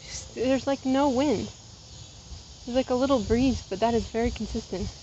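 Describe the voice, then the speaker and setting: A woman in her twenties vlogs while walking uphill outside, slightly winded and rambling casually through side stories. Her voice is a little high and warm in tone, moving at a moderate pace. The recording is muffled, with slight background noise.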